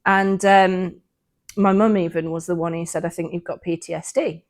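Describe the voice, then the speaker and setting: A woman's voice: fairly low pitch, fairly even intonation, moderate pace. A woman, co-hosting a podcast and earnestly recounting a personal faith story in a casual, reflective way. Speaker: podcast co-host.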